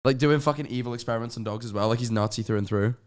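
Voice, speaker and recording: A man's voice: mid-range voice, very fast. A British man chatting casually as a guest, swearing a lot. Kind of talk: casual chat.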